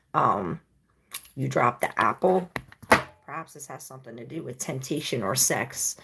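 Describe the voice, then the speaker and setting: A woman with a very deep, heavily gravelly voice gives a casual tarot reading. She rambles loosely, with plenty of fillers, and chats straight to her viewers. A faint hiss sits under her voice. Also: fairly bright tone. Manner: chatty, talks to viewers directly. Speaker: tarot reader.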